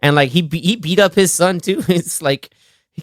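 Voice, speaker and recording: Animated young man chatting about movies. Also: fairly high pitch, normal speed, no room sound, studio quality. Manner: animated, laughs often, quotes scenes in voices. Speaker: podcast host. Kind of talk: casual movie chat.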